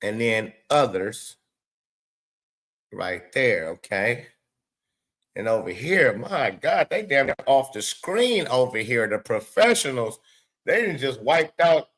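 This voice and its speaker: A man hosting a show, giving loose, excitable live reaction commentary with lots of swearing and laughing asides. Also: medium pitch, takes it slowly. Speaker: show host.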